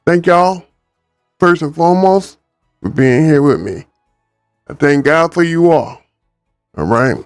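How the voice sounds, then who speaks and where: A man's voice: fairly high pitch, lively intonation, slow, long pauses, no room sound, soft background music. A man chatting and reading a book aloud on a livestream, laid-back and ad-libbing. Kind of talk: casual livestream story reading.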